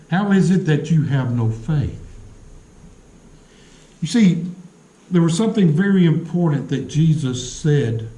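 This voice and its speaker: A man preaching in a church sanctuary, his mellow, slightly high voice carried by a roomy echo. He tells stories earnestly, slowing down and pausing for effect. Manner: earnest storytelling delivery with dramatic pauses. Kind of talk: sermon.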